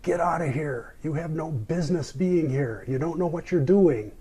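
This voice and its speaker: A man voicing a gruff old male windsurfer with a German accent, yelling dismissively. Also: a little high, normal speed, voice pushed up. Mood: scornful.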